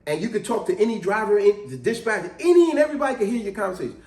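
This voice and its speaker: A man telling a story in a chatty, casual way, with a high voice and lively swings in pitch. He laughs easily, and an echoey room surrounds the voice. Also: very fast.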